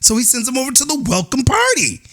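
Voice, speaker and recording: A man's voice: very high-pitched, huge pitch swings, fast talker, creaky, fairly bright tone. A man hosting a podcast, ranting in casual political commentary with a sing-song delivery and many "oh, yeah" asides. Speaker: podcast host.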